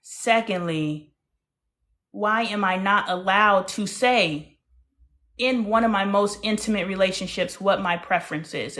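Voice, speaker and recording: Woman, thirties, live-stream host, frank, animated, loud and hushed by turns. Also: mid-range voice. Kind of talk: casual live-stream monologue.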